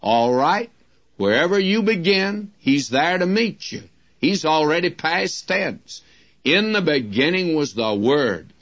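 A man teaching from the Bible in a slow, emphatic manner, addressing his listeners as friends, on a dull old lo-fi recording. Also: fairly high pitch, big pitch swings, fairly bright tone.

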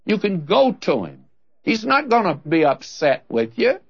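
Lively man teaching a Bible verse. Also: high voice, measured pace, vocal fry, slightly rough, highs cut off. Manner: earnest, conversational preaching that speaks straight to the listener.

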